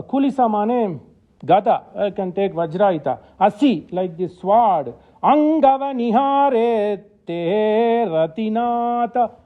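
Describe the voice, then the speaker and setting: High-voiced man chanting verses, tinny sound. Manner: recites verses in a singsong chant, then explains in English. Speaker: lecturer on scripture. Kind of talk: devotional lecture with chanted verses. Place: temple hall.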